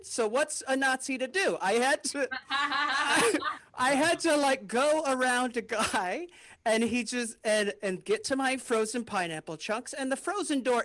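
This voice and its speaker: A man's voice: extremely high pitch, a bit bright. Rambling man telling a stand-up bit. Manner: rambling, chuckling at his own jokes. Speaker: comedian. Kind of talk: stand-up comedy set.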